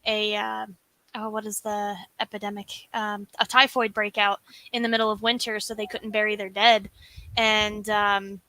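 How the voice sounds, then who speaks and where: A woman's voice: mid-range voice, little pitch movement, normal speed, sharp tone, no echo, poor audio. A woman guest telling ghost-hunting stories in a chatty way with many fillers. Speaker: guest paranormal investigator. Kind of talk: casual chat.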